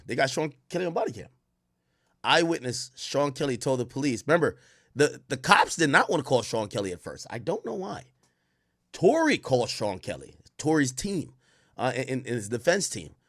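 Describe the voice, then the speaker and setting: Male streamer host, animated and profane, lively swooping delivery, dry close mic. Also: mid-range voice, moderate pace, dry recording. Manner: animated, acts out quotes, profane. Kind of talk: casual streamed commentary.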